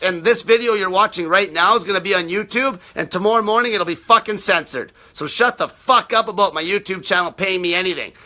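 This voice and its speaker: On a live stream, a man with a high, piercing, tense voice and a bright, forceful tone rants unscripted, answering viewers bluntly and combatively. He swears almost nonstop and speaks in an aggressive, no-nonsense manner.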